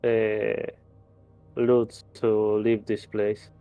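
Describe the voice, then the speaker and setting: A man playing in a tabletop game, speaking in a flat, deliberate, casual way. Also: fairly low pitch, clean tone, dry recording, soft background music. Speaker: player. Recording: tinny, phone-like, dry mic.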